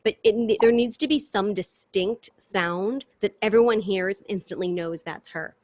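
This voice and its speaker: A woman singer and impressionist, guest in a casual interview, talking in long, animated answers with restarts over a video call. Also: mid-range voice, normal speed.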